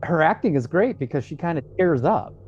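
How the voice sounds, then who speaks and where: A man with a mellow, darker voice reads through an episode recap and breaks into casual asides. He keeps a relaxed, easygoing delivery. His podcast audio sounds dull and lo-fi. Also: fairly high pitch, a little fast, a little hiss or hum. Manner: relaxed, with frequent "um" and "you know" asides. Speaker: podcast co-host. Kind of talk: reading a plot recap mixed with casual chat.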